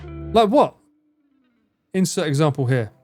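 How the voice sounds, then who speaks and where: A man's voice: fairly high pitch, very animated, a little slow, a little mellow, faint music behind. A man in casual live-stream chat, rambling, swearing freely and laughing often as he answers his chat. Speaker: livestreamer.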